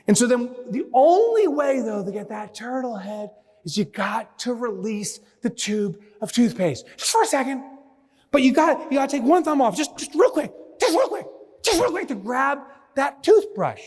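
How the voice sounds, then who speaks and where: A man giving a conference keynote, telling a story with lively acted-out asides before moving on to business advice. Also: high-pitched, fairly quick. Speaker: keynote speaker. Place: large conference hall. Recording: reverberant hall.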